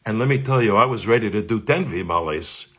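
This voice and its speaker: A man, a cantor telling a humorous personal story with animated delivery and frequent laughs. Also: lowish voice, a little fast, husky. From Brooklyn, New York. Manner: animated, laughs often, acts out voices.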